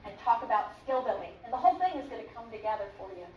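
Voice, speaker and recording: Animated high-voiced older woman trainer. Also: very fast. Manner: animated, playful, acts out examples, laughs often. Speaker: dementia care trainer. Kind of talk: lively lecture to a live audience. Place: room with a live audience. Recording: roomy, distant mic, faint background noise.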